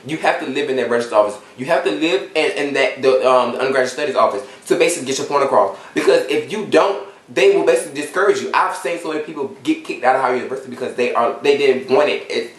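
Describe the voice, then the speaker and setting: A man in his twenties talks straight to his viewers, telling a story. He is animated and swears freely, using slang, at an ordinary middle pitch. The room gives his voice a noticeable echo. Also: far from the mic. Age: 20s. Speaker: YouTuber. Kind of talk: casual storytime vlog. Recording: roomy echo.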